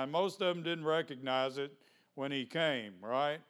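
Smooth-voiced pastor preaching. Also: male voice, medium pitch, a little slow, a bit bright. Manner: conversational preaching with rhetorical questions. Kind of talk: sermon.

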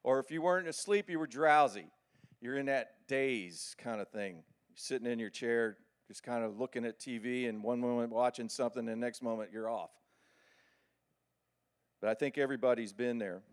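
A middle-aged man preaching a sermon with animated, folksy storytelling. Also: mid-range voice, moderate pace.

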